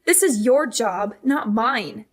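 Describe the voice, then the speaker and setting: A woman's voice: fairly high pitch, animated, takes it slowly. A woman voicing a self-righteous older sister, a married mother, who nags and lectures in a scripted story drama. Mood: lecturing. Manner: nagging, lecturing.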